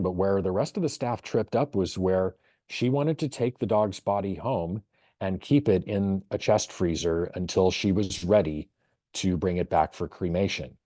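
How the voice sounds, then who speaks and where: A man with a very low, mellow voice presents a webinar for veterinary colleagues. He talks in a thoughtful, storytelling way with measured pauses. The sound is dry and close to the mic. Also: no room sound.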